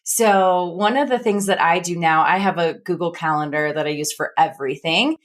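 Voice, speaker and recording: A woman with an American Midwest accent hosting a podcast interview in a casual, animated way. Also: normal speed. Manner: animated, acts out quoted lines in a higher voice. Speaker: podcast host.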